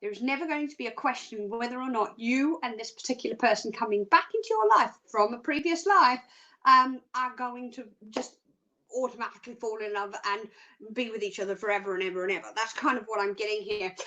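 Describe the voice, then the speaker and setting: Casting note: woman hosting live psychic readings, high-pitched, chatty and playful, hums between thoughts. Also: brisk, sharp tone. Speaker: psychic reader, host.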